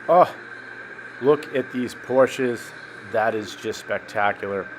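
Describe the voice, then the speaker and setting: A man's voice: medium pitch, slow pace, a little hiss or hum. A man giving an enthusiastic, chatty walkthrough of a car dealership showroom. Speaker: car vlogger. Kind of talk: casual walkthrough narration.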